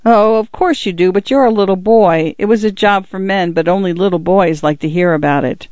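A man voicing a proud old pioneer grandfather who speaks gently and tiredly, in a storybook reading. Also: high-pitched, fairly quick, no room sound, dull audio, close to an everyday voice. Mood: gentle.

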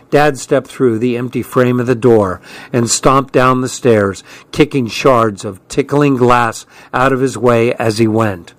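A man reading a first-person story aloud in a measured, tense storytelling manner. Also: mid-range voice, dry recording. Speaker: audiobook narrator. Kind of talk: scripted first-person narration.

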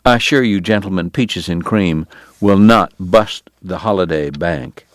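A male audiobook narrator voicing a sardonic, sickly gentleman with a genteel drawl and cutting wit. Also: deep voice, a little slow, dry recording. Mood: genteel, wry. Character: sardonic consumptive Southern gentleman, a dentist. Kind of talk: audiobook character voice.

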